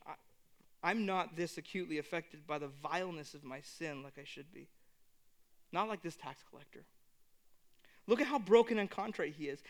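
A man preaching a sermon, earnest, moving between hushed reflection and emphatic exhortation. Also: high voice. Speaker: pastor.

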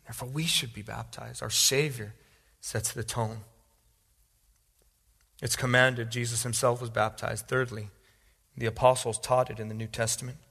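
A male pastor preaching a sermon, repeating phrases and building from calm teaching to loud, pleading appeals. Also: medium pitch, in a large hall.

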